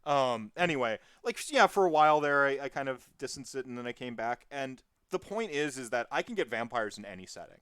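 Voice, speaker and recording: A podcast guest talking in a casual, rambling way, animated and full of tangents and fillers. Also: medium pitch, fairly quick, hardly any pauses, smooth, no room sound, clean studio sound.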